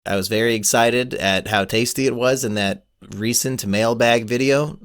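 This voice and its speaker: A man's voice: mid-range voice, steady tone, normal speed, fairly bright tone, clean tone. Dry, teasing male podcast host. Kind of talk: casual chat.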